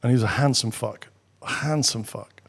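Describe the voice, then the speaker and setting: A middle-aged British man, a guest on an interview show, telling anecdotes casually with quick asides and the odd swear. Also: mid-range voice, gravelly. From Britain. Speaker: guest, former military pilot. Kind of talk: casual storytelling.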